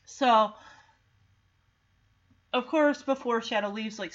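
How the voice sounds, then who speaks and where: A woman's voice: fairly high pitch, measured pace, a bit bright. A woman casually retelling a movie in a chatty, emotional way with lots of fillers. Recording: dull lo-fi recording.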